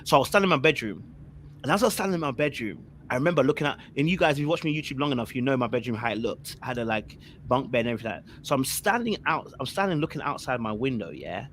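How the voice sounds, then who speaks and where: A young man telling a story on a podcast panel. He talks in animated bursts of slang and keeps repeating himself. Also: medium pitch, very fast, a little hiss or hum. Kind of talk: casual storytelling.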